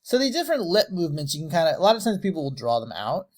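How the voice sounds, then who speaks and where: A man teaching animation lip sync, slowly and deliberately sounding out letters and words with exaggerated mouth shapes. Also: a little high, big pitch swings, a little mellow. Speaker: animation tutor. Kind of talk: tutorial, demonstrating mouth shapes on camera.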